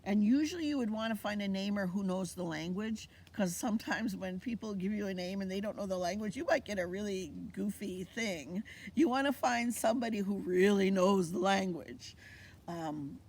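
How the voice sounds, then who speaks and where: A woman's voice: mid-range voice, normal speed, a little mellow. A woman giving an informal teaching talk, storytelling with animation and acting out the voices she quotes. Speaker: Indigenous cultural teacher. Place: outdoors on a fall plant walk.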